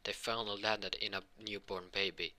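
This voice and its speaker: A man voicing a childlike male god king who speaks slowly and calmly. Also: on the low side.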